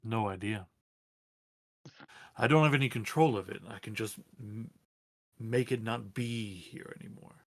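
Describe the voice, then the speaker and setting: A man's voice: fairly low pitch, a little slow, long pauses, no echo. A man playing a tabletop role-playing game, speaking in a matter-of-fact way. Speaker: player. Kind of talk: tabletop role-play chat.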